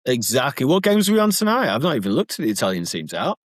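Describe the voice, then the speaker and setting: A man co-hosting a podcast, telling an anecdote in an excitable, animated way. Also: medium pitch, fast talker, dry recording, studio quality. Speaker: podcast co-host. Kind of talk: casual anecdote-telling chat.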